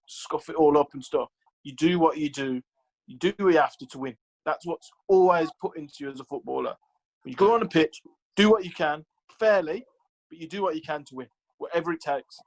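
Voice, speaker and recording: Chatty former footballer, slightly high voice. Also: male voice, a little fast, low-quality recording. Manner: chatty, lots of "like" and "you know", acts out quotes. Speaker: former professional footballer, guest. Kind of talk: casual interview storytelling.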